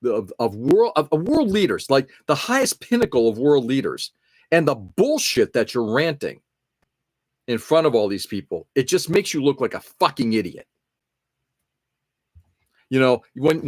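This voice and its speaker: A man's voice: medium pitch, dry recording. A man from the United States hosting a live show, venting in a frustrated, blunt and profane way, often restarting his sentences. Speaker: podcast host. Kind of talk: casual political rant on a live show.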